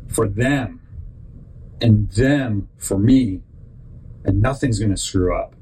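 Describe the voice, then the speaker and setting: Podcast host, man, mellow voice, rambling faith pep talk, animated storyteller. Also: medium pitch, slight background noise, low-quality recording. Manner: rambling, halting, self-interrupting.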